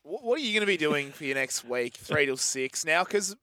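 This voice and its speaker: A man's voice: fairly high pitch, animated, brisk, sharp tone, no echo. A man asking teasing questions in casual radio banter. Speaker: radio station colleague.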